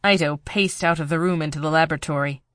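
A narrator reading a tense thriller audiobook in a steady storytelling voice, recorded on a close mic. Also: medium pitch, fast, no echo.

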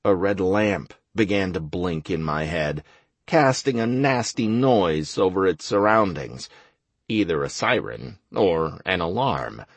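Husky, slow, expressive male narrator. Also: sits low, dry recording. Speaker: audiobook narrator. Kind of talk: first-person fantasy audiobook narration.

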